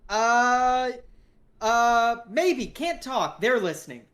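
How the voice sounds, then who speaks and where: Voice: mid-range voice, sing-song, extremely slow, fairly bright tone, pitched above the performer's own voice, full character voice. A game master voicing a stammering, paranoid male hacker who talks in clipped, nervous bursts.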